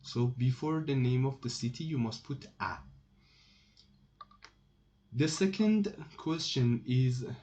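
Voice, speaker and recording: This French lesson comes from a man whose mellow voice sits at medium pitch with lively intonation, moving slowly and repeating himself as he restarts phrases. It's a slow explanation, recorded in dull lo-fi with typing on a keyboard audible.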